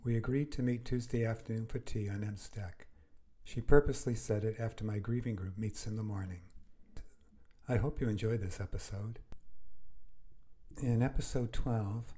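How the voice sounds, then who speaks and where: A man hosting a podcast, reading his own grief memoir aloud in a slow, measured, earnest way. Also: fairly low pitch, dark tone. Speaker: podcast host.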